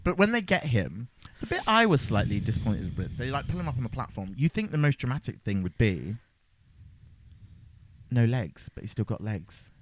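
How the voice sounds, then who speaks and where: A man's voice: medium pitch, moderate pace, slight background noise. A man co-hosting a podcast, chatting casually and jokingly about a horror film. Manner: jokey, animated, slips into silly voices. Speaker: podcast co-host. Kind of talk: casual film review chat.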